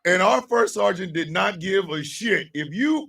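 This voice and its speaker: A middle-aged man, hosting a morning radio show and telling profane, animated stories with shouted impressions. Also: high voice, a little slow, creaky, hardly any pauses, breathy edge, far from the mic. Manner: animated storyteller, profane, mimics drill sergeants.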